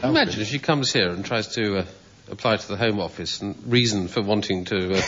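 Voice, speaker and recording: A man's voice: lowish voice, sing-song, fairly quick. A man on a comedy panel, bantering casually, often laughing and slipping into put-on voices. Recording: muffled broadcast recording with loud background noise.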